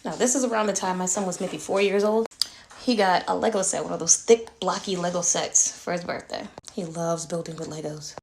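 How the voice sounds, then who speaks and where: A woman's voice: fairly low pitch, fairly even intonation, brisk, creaky, a little mellow, a little hiss or hum. A mother telling a creepy story about her young son in a chatty, emphatic way, dropping to a whisper for effect. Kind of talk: casual storytelling to camera.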